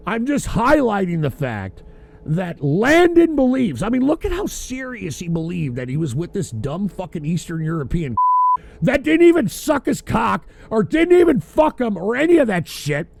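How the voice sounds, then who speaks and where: A tipsy man hosting a call-in livestream, ranting loudly and profanely. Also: high voice, huge pitch swings, normal speed, creaky. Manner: loud, profane, rambling rant. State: drinking, tipsy. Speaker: host of a call-in livestream show.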